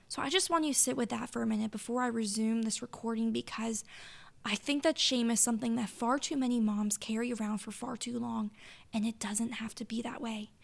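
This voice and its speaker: A woman podcast host and coach speaking gently to listeners, often close to a whisper. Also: on the high side, vocal fry. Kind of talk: reflective podcast aside to listeners.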